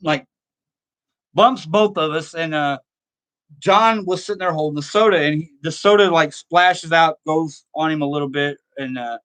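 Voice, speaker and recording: A man's voice: a little high, moderate pace, fairly bright tone. Rambling, self-amused male show host. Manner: rambling, self-amused, laughs often at own stories. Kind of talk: casual storytelling and reading viewer comments.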